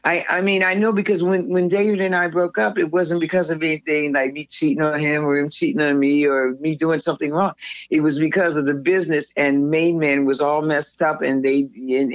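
A woman's voice: low voice, little pitch movement, fairly quick, no echo. An older woman recalls her past for an interviewer, circling back and restarting her sentences as she goes. The sound is close and dry, with a slightly muffled top end. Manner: rambling, frequent restarts, acts out quoted voices. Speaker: interview guest. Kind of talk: candid personal storytelling.

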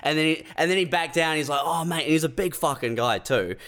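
A man's voice: a little high, animated, fast, a bit bright. A man, a stand-up comic on a casual podcast, telling laid-back, swearing anecdotes and putting on the voices of the people in them. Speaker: stand-up comedian and show runner.

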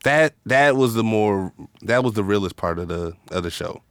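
A man co-hosting a casual chat, relaxed and laughing often, thinking aloud as he talks. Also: on the low side, moderate pace, clear, resonant tone, dry recording.

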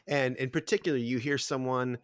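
A man's voice: medium pitch, steady tone, fairly quick, dry recording. A man narrating a tabletop game as game master, laid-back and amused.

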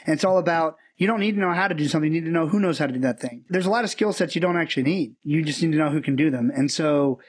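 A man's voice: on the high side, slightly rough. A man telling stories as a guest on an interview show, acting out the people he quotes. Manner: fast, animated storyteller who acts out quotes. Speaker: podcast guest. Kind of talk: casual storytelling interview.

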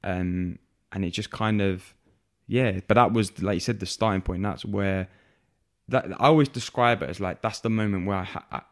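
Brief: young male guest, lowish voice, thoughtful and halting. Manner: reflective, many fillers and restarts. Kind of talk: candid podcast conversation.

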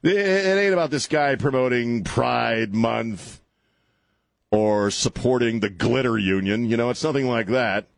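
A man's voice: mid-range voice, unhurried, vocal fry, no room sound. A male talk radio host ranting and mocking on a call-in show, laughing at his own jokes. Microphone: studio microphone.

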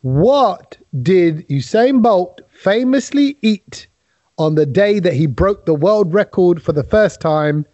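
A man's voice: sits high, expressive, slow pace, mellow, no room sound. Jokey man, dry and muffled. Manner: jokey, playful storyteller. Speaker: co-host. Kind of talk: casual chat.

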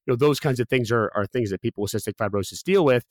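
A man's voice: medium pitch, fast talker, no echo, studio quality. A young man telling a personal story as a guest, candid and full of fillers and restarts.

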